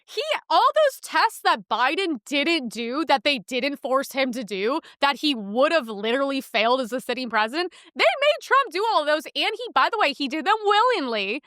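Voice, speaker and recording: A woman's voice: high-pitched, very animated, moderate pace, few pauses, a bit bright, dry recording, studio quality. A young woman hosting a podcast, talking casually and sarcastically about the news, with frequent laughs. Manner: chatty, sarcastic, laughs often. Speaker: podcast host. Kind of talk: casual political commentary.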